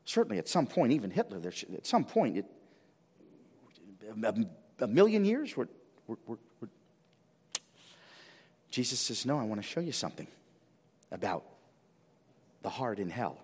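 A male pastor preaching a sermon with animated swings of pitch and volume, often repeating words as he builds. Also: normal speed, long pauses, breathy edge. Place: church sanctuary. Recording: long reverb of a church hall.

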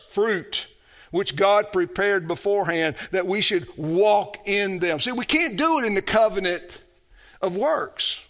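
A man preaching a sermon, moving from loud emphatic phrases to soft, low asides and calling out to the congregation for responses. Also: lively intonation, unhurried.

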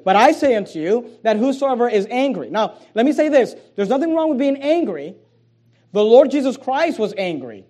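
A man, a pastor, preaching a sermon, swinging between soft low asides and loud emphatic lines, with frequent repeated words and restarts.

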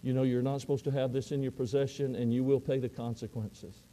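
A man's voice: mid-range voice, little pitch movement, fairly quick, warm tone, lightly acted. A man doing a stern football coach.

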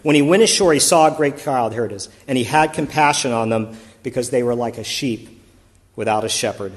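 A man preaching in a relaxed, talky way, stopping now and then to correct himself. His voice sits at an ordinary pitch. A long reverb trails after his words, as in a church hall. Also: a little fast. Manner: conversational, self-correcting, reads scripture aloud. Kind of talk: sermon.

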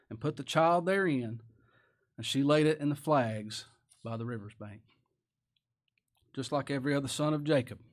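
A man preaching a sermon in a folksy style, with rhetorical tag questions, swinging from loud to hushed. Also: fairly high pitch. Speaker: pastor.

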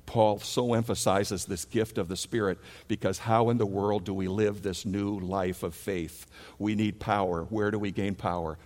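A man's voice: deep voice, a little mellow. A male pastor preaching a sermon, asking the congregation questions and building to emphatic peaks. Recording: long hall reverb.

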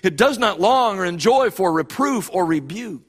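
A man's voice: sits high, animated, moderate pace, breathy edge. A male pastor preaching a sermon with emphatic delivery, often repeating and restarting phrases.

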